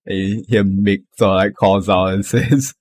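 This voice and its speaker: A man narrating as game master of a tabletop game, halting and laughing often. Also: fairly low pitch, a little mellow, breathy edge.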